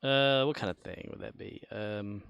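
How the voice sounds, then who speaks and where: A man's voice: lowish voice, moderate pace, gravelly, fairly bright tone, smooth. A man casually chatting on a live game stream, muttering to himself and humming along.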